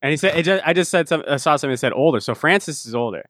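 A man's voice: fairly high pitch, expressive, racing, a bit bright, no echo, studio quality. A man co-hosting a casual podcast chat, rambling with lots of fillers and restarts and laughing often as he talks. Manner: laughs often while talking. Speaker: podcast co-host.

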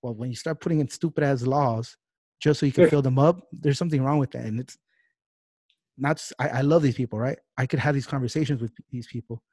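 Mid-chat on a casual podcast, the host gets fired up and swears through a fast, heated political rant. His average-pitched voice is a little mellow and husky, and the sound is dry and close with almost no room or echo.

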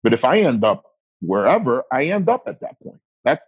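A man in his forties talking casually as an interview guest, rambling and self-deprecating, quick to laugh. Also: medium pitch, very animated, husky, dry recording, muffled recording. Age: 40s.

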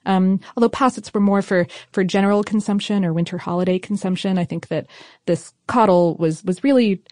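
A woman talking casually on a podcast, explaining old food history in an easy, informal way. Her voice has a middling pitch and is recorded close and dry, with no room sound. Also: a little fast, mellow, no room sound. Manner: chatty and informal, with fillers and laughs. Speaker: podcast co-host.

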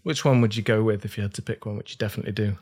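A man's voice: fairly low pitch, steady tone, racing, a little mellow. A man hosting a podcast panel, playful and teasing, often laughing. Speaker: podcast host. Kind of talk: casual panel chat.

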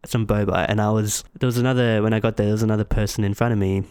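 A man's voice: on the low side, rapid-fire, clear, resonant tone, no echo, studio quality. A man telling a story in casual chat, acting out each person's lines. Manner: animated storytelling, acting out dialogue.

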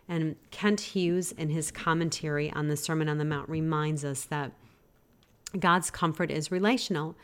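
A woman hosting a devotional podcast, teaching in an earnest, gently exhorting way. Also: sits low, smooth. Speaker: podcast host.

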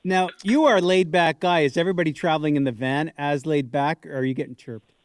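A man hosting sports talk radio, thinking out loud and asking questions conversationally. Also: fairly high pitch, fast talker, no echo. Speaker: radio host.

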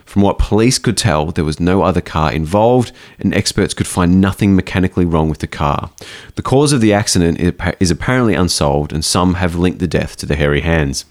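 A man hosting a casual podcast, reading out a ghost story in a relaxed, jokey way. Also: low-pitched, a little fast, hardly any pauses.

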